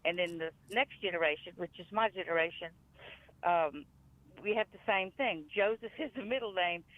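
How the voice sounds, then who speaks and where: A woman's voice: on the low side, dry recording. A woman with a Louisiana accent calling in to a show, telling a family story in a chatty, rambling way. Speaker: caller. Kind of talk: phone-in storytelling. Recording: tinny phone line.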